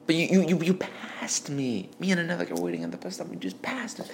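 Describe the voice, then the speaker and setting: A man's voice: fairly high pitch, big pitch swings, vocal fry, slight background noise, pitched above the performer's own voice. A man putting on the voice of a flustered, rambling man who chased a bus and can hardly catch his breath. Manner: stammering, rushed, breathless. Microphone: phone voice memo.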